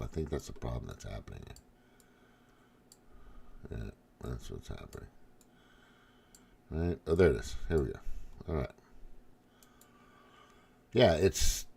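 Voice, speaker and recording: A man's voice: a bass voice, creaky, darkish tone, husky. A middle-aged man hosting a casual political monologue, angry and profane, often restarting his sentences. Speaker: political commentary host.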